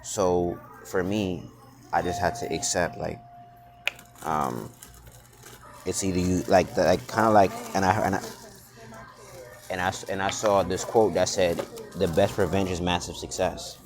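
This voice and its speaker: A man's voice: sits low, fairly even intonation, a little slow, long pauses. A man vlogging in a blunt, profane, unscripted monologue, often restarting and repeating words. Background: music.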